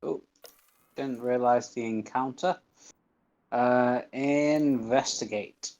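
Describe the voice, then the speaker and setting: Slow-talking man streaming a game. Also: mid-range voice, fairly even intonation, darkish tone, lo-fi sound. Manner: chatty, laughs at himself, reads game text aloud. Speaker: gaming streamer. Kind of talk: casual livestream game commentary.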